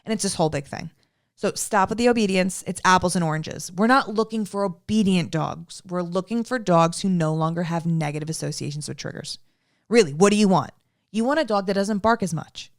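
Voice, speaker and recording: A young adult woman who trains dogs, giving an emphatic instructional talk and checking in often with "okay?". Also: mid-range voice. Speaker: dog trainer.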